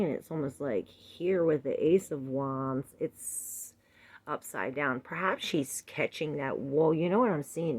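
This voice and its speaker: Reading tarot for her viewers, a woman talks loosely, musing out loud between cards with laughs and filler words. Her voice is low-pitched and darkish, with a breathy edge.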